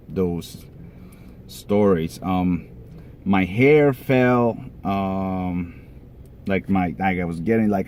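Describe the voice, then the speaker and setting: A man casually telling a personal story outdoors, rambling and halting with many fillers and restarts. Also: sits low. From Colombia. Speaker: vlogger. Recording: loud street and car noise.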